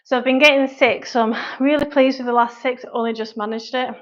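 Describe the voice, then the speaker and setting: A woman's voice: high voice, fairly even intonation, brisk, muffled recording. A woman with a Mancunian-Lancashire accent, a personal trainer chatting through a live workout, out of breath and sighing between sets. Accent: Mancunian-Lancashire English. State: out of breath from exercise. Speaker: personal trainer and online fitness coach.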